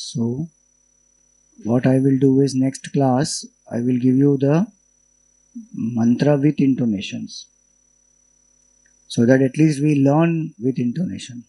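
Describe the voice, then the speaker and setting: Mellow-voiced Indian man teaching scripture. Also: mid-range voice, rough recording. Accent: Indian English. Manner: unhurried explanatory teaching, slow drawn-out chanting. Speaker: spiritual teacher. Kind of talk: scriptural lecture with Vedic chanting.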